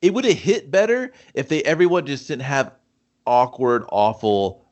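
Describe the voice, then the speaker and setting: Expressive man cracking crude jokes. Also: mid-range voice, moderate pace, highs cut off. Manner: crude, laughing, riffs with wild analogies. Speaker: podcast co-host. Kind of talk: casual movie review chat.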